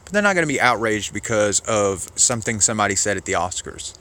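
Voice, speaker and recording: A man's voice: fairly low pitch, sing-song, fast talker, pushed and bright. A man giving casual political commentary, argumentative and sarcastic, rambling as he rebuts a clip.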